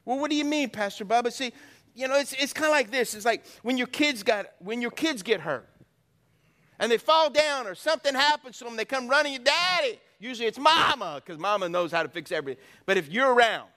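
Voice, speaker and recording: A man's voice: extremely high pitch, animated, a little fast, pushed and bright. A middle-aged man preaching a sermon as pastor, folksy and joking, drawing answers from the congregation. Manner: folksy, joking storyteller with call-and-response.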